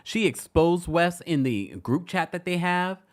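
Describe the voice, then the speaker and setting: A woman hosting a live-stream celebrity gossip recap, hoarse, chatty and laughing often, stopping and restarting her sentences. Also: lowish voice, measured pace. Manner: animated, laughing, self-interrupting.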